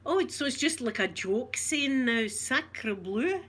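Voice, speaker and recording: A woman's voice: high voice, animated, moderate pace, fairly bright tone. A Scottish woman from Scotland in casual live chat, talking to viewers, laughing often and reading out their comments. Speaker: vlogger.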